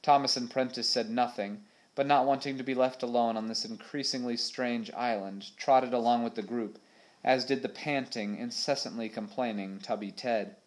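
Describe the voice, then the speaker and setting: A man narrating a storybook adventure in a steady, measured voice at an average pitch. The reading is calm and even, keeping the action clear. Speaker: audiobook narrator.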